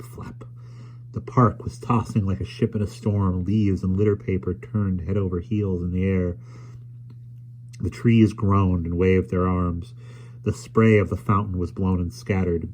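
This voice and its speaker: A man reading a children's book aloud in an expressive storytelling manner. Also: low-pitched, a little hiss or hum. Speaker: audiobook reader.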